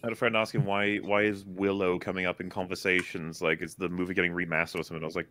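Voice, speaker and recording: A man on a casual panel chat, telling quick anecdotes and laughing through them. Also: low-pitched, little pitch movement, sharp tone. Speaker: panel guest.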